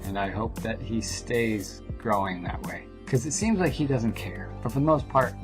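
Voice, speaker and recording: Man musing in a rambling vlog. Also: moderate pace. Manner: quiet, low reading of the poem, dropping to a whisper at line ends; rambling, animated storytelling with pitch jumps. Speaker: vlogger and poet. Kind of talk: poem reading then casual storytelling vlog. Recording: music playing behind the voice.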